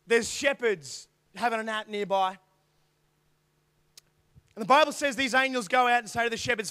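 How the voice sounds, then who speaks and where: A man preaching an energetic youth sermon, acting out characters and swinging from quiet asides to shouts. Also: sits high. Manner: animated, acts out angels' voices, swings from quiet asides to shouts. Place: church youth hall.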